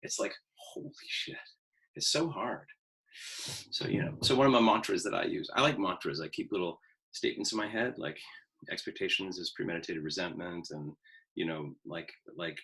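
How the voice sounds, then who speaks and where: A man's voice: sits low, creaky, sharp tone, low-quality recording. A man in his fifties, an acting teacher giving a casual, candid talk to students, swearing freely and acting out his own inner voice with self-mocking humor. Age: 50s. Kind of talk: casual pre-class talk.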